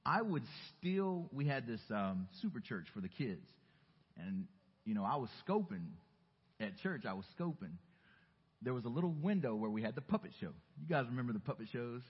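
A man from the Southern US preaching a sermon, telling a personal story earnestly and dropping softly into reflective asides. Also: medium pitch, big pitch swings, normal speed, husky. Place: church sanctuary. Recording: muffled recording in a reverberant church hall.

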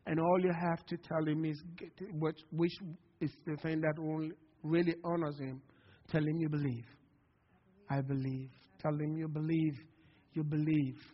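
A man preaching with fervor from a church pulpit, his voice sitting a little high and slightly husky. His words carry a long echo through the sanctuary, and the recording is dull and lo-fi. He calls out to the congregation as he goes. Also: little pitch movement, measured pace. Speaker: pastor. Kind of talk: sermon. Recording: long hall reverb, dull lo-fi sound.

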